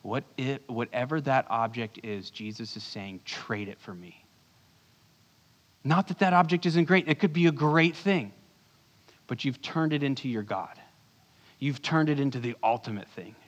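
A man preaching a sermon as pastor, earnest, moving between urgent bursts and hushed low lines. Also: animated, normal speed. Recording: long hall reverb.

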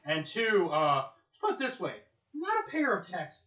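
A brash New man cracking crude jokes on a podcast, his voice high, bright and swooping all over. It sounds roomy and a bit dull, like a lo-fi home recording. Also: huge pitch swings, moderate pace. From New York. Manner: loud, profane, joking. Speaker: podcast co-host. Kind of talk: casual podcast banter.

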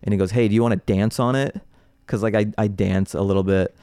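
A male comedian guest on a podcast, telling stories in an animated, casual way and laughing often between phrases. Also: lowish voice, fast, clean tone, no echo, clean studio sound.

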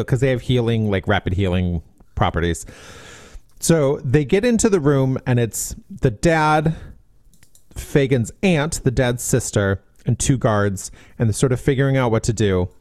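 A man's voice: medium pitch, a little mellow, no echo, studio quality. A man co-hosting a podcast, recapping a book plot in a sarcastic, exasperated way. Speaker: podcast co-host. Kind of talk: casual book recap chat.

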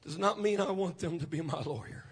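A man's voice: high-pitched, a little fast, slightly rough. A man preaching a Pentecostal sermon, chanting his phrases with "uh" breaths between them.

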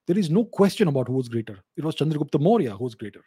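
A man's voice: fairly high pitch, big pitch swings, very fast, mellow, breathy edge, no room sound, studio quality. A man, hosting his channel and answering viewer questions in an emphatic monologue that often repeats and restarts phrases. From India.

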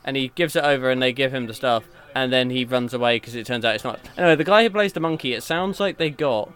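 A British man co-hosting a podcast, talking in a casual, hesitant way with many pauses and restarts. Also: mid-range voice, fairly bright tone. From Britain. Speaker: podcast co-host. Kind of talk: casual chat.

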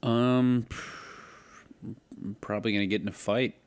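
A man's voice: fairly low pitch, steady tone, unhurried, clean tone. Guy rambling in a casual chat, crude and loose. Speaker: podcast co-host.

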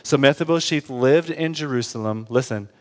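A man's voice: mid-range voice, normal speed. A young adult man preaching a sermon, reading scripture aloud and then explaining it in casual asides. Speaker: pastor. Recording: hall reverb.

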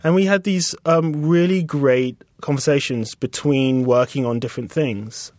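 A British man in his thirties, a designer being interviewed, speaking reflectively and haltingly with many restarts. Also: medium pitch, a little mellow, no echo, clean studio sound. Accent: British English. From England. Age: 30s. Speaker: guest designer. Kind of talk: casual interview conversation.

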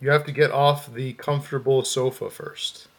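In a flat, medium-pitched voice at a moderate pace, a man co-hosts a podcast, playing a text adventure casually and reading its game text aloud with amused asides.

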